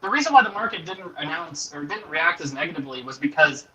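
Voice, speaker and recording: A man's voice: fairly high pitch, expressive, quick pace, crowd noise. A man explaining economics in a casual panel chat, rambling with hedges, on a poor microphone. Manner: rambling, hedging with fillers. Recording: poor distant mic.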